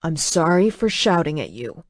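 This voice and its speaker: A woman voicing a commanding male dragon lord who speaks in a quiet, controlled way. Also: lowish voice, expressive, slow pace, no echo, studio quality. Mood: apologetic. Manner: quiet, controlled, turns coaxing.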